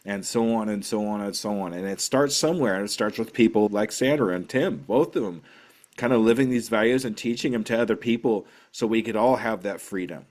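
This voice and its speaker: A man's voice: on the low side, fairly quick, a little mellow. A man hosting an interview, enthusiastic and openly moved. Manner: enthusiastic, emotional. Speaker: interview host. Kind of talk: interview talk.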